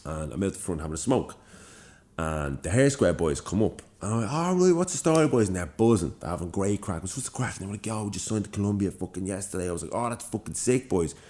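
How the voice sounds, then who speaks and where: A young man from Ireland with a Dublin accent, co-hosting a podcast and telling an animated, swear-filled story. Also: low voice, fast talker. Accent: Dublin Irish. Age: young adult. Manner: animated storyteller, swears freely, acts out quoted lines. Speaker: podcast co-host. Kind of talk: casual storytelling chat.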